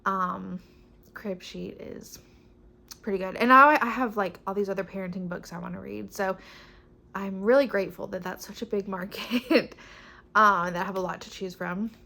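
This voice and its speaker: A woman's voice: medium pitch, steady tone, moderate pace, vocal fry, sharp tone. A young woman chatting casually about her books, upbeat and rambling, often restarting her sentences. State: pregnant. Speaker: book vlogger. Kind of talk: casual chat.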